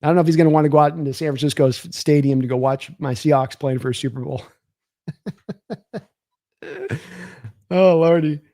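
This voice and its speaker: Young male sports streamer, casual rambling chat, dark mellow voice, mid pitch. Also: level tone, racing, hardly any pauses, no room sound, studio quality. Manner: rambling, thanks viewers by name, reads chat aloud. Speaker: sports livestream host. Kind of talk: casual live-stream football talk.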